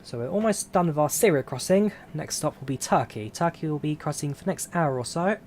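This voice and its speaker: A man streaming a flight simulator, chatting casually and answering viewer questions in a relaxed, rambling way. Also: a little high, fairly quick, slight background noise. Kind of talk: casual live-stream chat.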